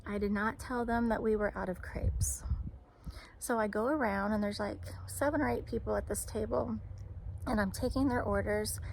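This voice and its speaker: A woman's voice: a little high, vocal fry, slight background noise. Chatty woman telling a work story. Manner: chatty, candid retelling with fillers. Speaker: restaurant server. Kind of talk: casual storytime vlog. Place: outdoors, sitting in the shade on a hot day.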